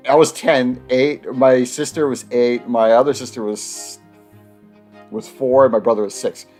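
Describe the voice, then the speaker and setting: A man's voice: mid-range voice, fairly even intonation, unhurried, darkish tone, faint music behind. A man reading out a story game's text in a let's play, breaking into jokes and laughter. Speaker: gamer reading the game text aloud. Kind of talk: let's play narration and banter.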